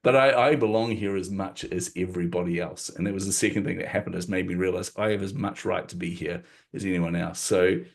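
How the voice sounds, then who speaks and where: Middle-aged guy on a podcast, deep low voice, animated storytelling, laughs at himself. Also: fairly quick, creaky. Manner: animated, acts out quotes, self-deprecating laughs. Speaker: podcast guest. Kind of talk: storytelling in conversation.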